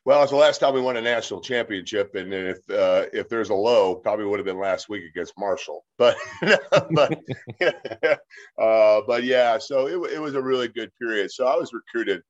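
Man, fifties, low voice, rambling anecdotes, filler words, a bit muffled. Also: expressive, normal speed. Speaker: interview guest. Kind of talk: casual storytelling. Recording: slightly dull lo-fi sound.

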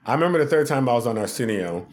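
A man, a podcast guest, telling funny stories from his work in a casual, animated way, often laughing. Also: medium pitch, rapid-fire. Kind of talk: casual storytelling.

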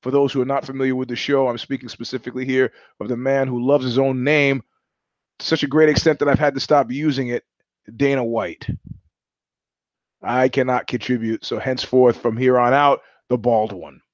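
A man's voice: medium pitch, steady tone, normal speed, no echo. Middle-aged man, show host, profane, sardonic storytelling, dry close sound, a bit muffled. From New York. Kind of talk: live-streamed monologue.

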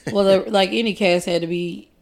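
A woman's voice: mid-range voice, steady tone, a little fast. A woman co-hosting a podcast in casual chat, blunt, teasing and profane. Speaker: podcast co-host.

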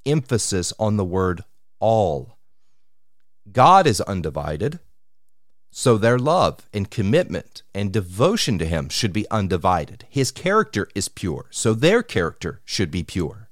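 A man preaching a sermon on scripture, measured and deliberate, slowing down to stress key words. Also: lowish voice, sing-song, no room sound, studio quality. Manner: measured, slows for emphasis on scripture.

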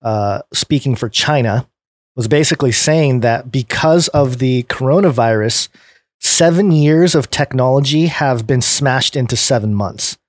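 A man's voice: medium pitch, unhurried, dry recording, clean studio sound. An American man hosting a podcast, chatting loosely with many fillers and restarts, then reading a news story aloud. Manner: rambling, lots of fillers and restarts. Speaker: podcast host.

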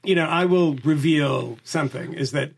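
A man's voice: on the high side, moderate pace. A man co-hosting a podcast in casual chat, joking and laughing as he talks. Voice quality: gravelly, husky. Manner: joking, laughs while talking. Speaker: podcast co-host.

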